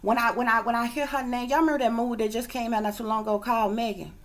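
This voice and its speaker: A woman, a psychic reader, telling a long story to her viewers in a rambling, emphatic way, swearing freely and sometimes dropping to a hushed whisper. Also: fairly high pitch, steady tone, racing. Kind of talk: casual storytelling monologue to viewers.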